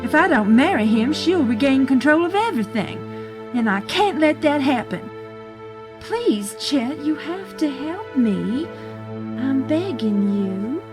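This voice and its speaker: Lady doing a scheming woman, kinda high voice, sharp and pushy, music under it. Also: sing-song, measured pace. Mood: urgent. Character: scheming woman plotting a forced marriage.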